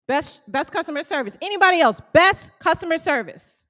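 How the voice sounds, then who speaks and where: A woman who owns a small bakery gives a motivational talk to a live audience, animated and calling out questions to the crowd. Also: very high voice, fairly quick, few pauses. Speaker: small bakery owner speaking to fellow business owners.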